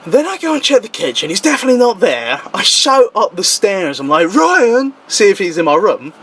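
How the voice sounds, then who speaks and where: Animated young man telling a story. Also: brisk, husky. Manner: animated, swearing, laughing, voice jumps high when quoting himself. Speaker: guest. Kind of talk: casual storytelling chat.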